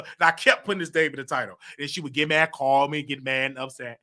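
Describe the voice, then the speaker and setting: A man's voice: medium pitch, fast talker, hardly any pauses, pushed and bright. A man hosting his own show, telling a rambling story in casual talk and acting out what others said. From United States. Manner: rambling, repetitive, acts out others' lines. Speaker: show host.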